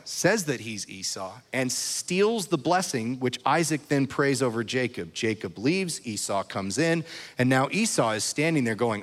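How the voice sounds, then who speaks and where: Man preaching in an echoing church hall. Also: mid-range voice. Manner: conversational, checks in with the crowd. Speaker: pastor. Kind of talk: sermon. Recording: reverberant hall.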